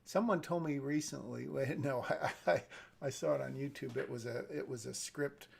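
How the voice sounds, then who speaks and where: A man's voice: mid-range voice, normal speed, vocal fry, a little mellow, slightly rough. A man reading a screenplay on a live stream and thinking aloud about it, often hedging and correcting himself. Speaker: script reader giving feedback.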